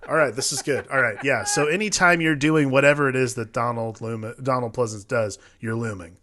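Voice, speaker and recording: A man's voice: mid-range voice, brisk, pushed and bright, slight background noise. Dry-humored man co-hosting a podcast. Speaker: podcast co-host. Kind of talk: casual film podcast chat.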